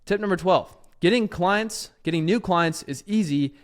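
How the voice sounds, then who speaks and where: A man's voice: sits high, normal speed. A man casually giving copywriting advice to camera, chatty and loose, tagging his points with "right?" and dropping the odd curse word. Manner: chatty, keeps adding "right?", swears casually. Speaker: copywriting creator giving tips. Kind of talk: casual talking-head advice video. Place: lives in Tennessee.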